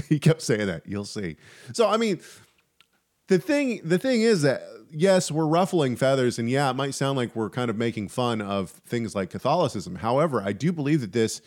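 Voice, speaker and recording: Guy cohosting a faith podcast, chatty and animated, keeps restarting his sentences. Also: mid-range voice, normal speed. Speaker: podcast co-host. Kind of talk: casual chat on faith.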